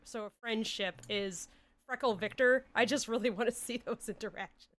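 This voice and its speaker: A woman's voice: a little high, normal speed, a bit bright. A woman hosting a livestream panel, talking enthusiastically with fans and guests. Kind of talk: casual panel chat.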